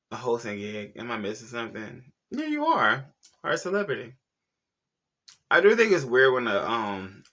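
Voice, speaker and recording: A man with a medium-pitched, bright, forceful voice hosts a casual celebrity gossip vlog on YouTube about pop culture. He's sassy and slangy, speaking straight to his viewers.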